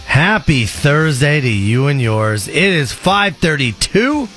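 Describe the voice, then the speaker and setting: Man, radio co-host, lively up-and-down voice, animated storytelling. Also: on the high side, slow, soft background music. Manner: animated storyteller who acts out quoted people. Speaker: radio morning show co-host. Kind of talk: casual radio banter.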